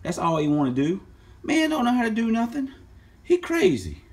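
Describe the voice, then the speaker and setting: A man doing a loud, high trash-talking guy. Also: wildly swooping pitch, moderate pace. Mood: mocking. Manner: rowdy, trash-talking, slangy. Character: loud mouthy man mocking the host. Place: home workshop.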